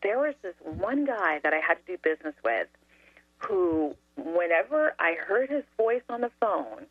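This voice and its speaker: A woman telling a story as a talk show guest, animated and laughing often. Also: on the low side, normal speed, no echo. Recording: dry tinny phone line.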